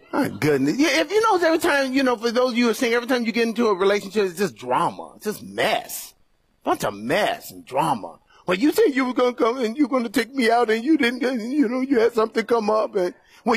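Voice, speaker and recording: A man preaching a sermon as pastor to a church congregation, animated and playful, acting out the voices of doubters. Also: on the high side, husky, dry recording.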